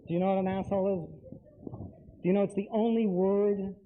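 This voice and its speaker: A man's voice: high-pitched, steady tone, a little fast. A man giving a live lecture to an audience, talking emphatically and straight to them with repeated phrases. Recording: tinny lo-fi lecture recording.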